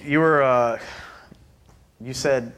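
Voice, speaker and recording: A man recounting a shared experience beside a preacher, talking in soft, halting interjections. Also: medium pitch, fairly even intonation, smooth.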